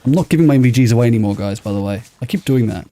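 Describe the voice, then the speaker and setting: A man's voice: mid-range voice, expressive, racing, warm tone, a little hiss or hum. A man streaming a game from bed, rambling and joking with his chat in a casual way. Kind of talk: casual livestream chat while gaming. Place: lying in bed.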